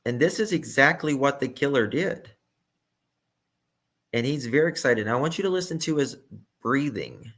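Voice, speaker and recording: A man's voice: mid-range voice, lively intonation, normal speed, pauses often, fairly bright tone. A man giving emphatic true crime reaction commentary and repeating his key points.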